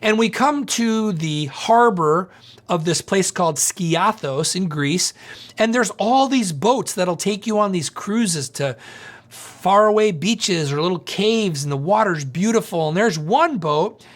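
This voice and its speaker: A male pastor preaching through a story in an animated, conversational way, often asking the audience questions. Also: high voice, unhurried. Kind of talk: storytelling sermon.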